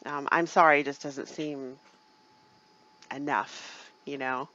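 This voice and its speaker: A woman, co-hosting a casual live chat, chatty and quick to laugh, sometimes halting as she talks. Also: extremely low pitch, fairly even intonation, bright, forceful tone, lo-fi sound, a little hiss or hum. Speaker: livestream co-host, shop owner.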